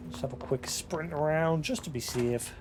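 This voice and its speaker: A streamer casually playing a game live, reading in-game documents aloud in a measured cadence between offhand asides. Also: mid-range voice, soft background music. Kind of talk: live gameplay commentary.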